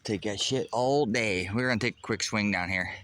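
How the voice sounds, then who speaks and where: A man's voice: on the low side, moderate pace, a bit bright, no room sound. A man from Western Pennsylvania with that region's accent, casually chatting to his chat while walking a golf course outdoors. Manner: chatty, reads chat aloud, swears casually. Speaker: streamer. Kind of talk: casual live-stream golf vlog.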